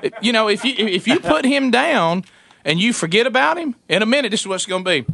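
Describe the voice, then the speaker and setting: A man in a casual chat, telling a family story with lots of laughter and squeaky impressions of a toddler. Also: a little fast, creaky. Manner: animated storyteller, high squeaky voices for a toddler, laughs often.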